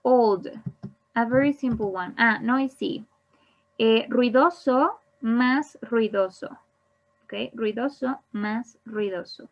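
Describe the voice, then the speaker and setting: Woman english teacher, very slow and deliberate, bit high voice, dull lo-fi sound. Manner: repeats each word, then gives the Spanish. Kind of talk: slow bilingual grammar lesson.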